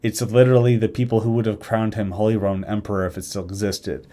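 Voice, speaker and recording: A man talking casually on a live stream, rambling through an alternate history, correcting himself and acting out nations in quick quoted asides. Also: on the low side, flat delivery, mellow. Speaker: streamer discussing a game mod's alternate history.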